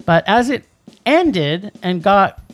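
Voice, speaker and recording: A young adult co-host in a casual movie review chat, talking in an animated, ranting way with quick restarts. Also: medium pitch, faint music behind. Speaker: podcast co-host.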